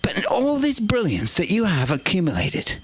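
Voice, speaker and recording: A man's voice: high-pitched, huge pitch swings, normal speed, fairly bright tone, slightly rough, dry recording. An English man performing a stand-up set on a comedy club stage, rambling and cheeky with playful asides. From England.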